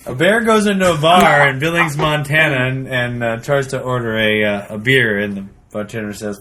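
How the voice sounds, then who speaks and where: Bright-voiced man telling rambling jokes. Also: medium pitch, moderate pace, hardly any pauses, a little hiss or hum. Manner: rambling joke-teller with fillers. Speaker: podcast guest. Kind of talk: casual chat.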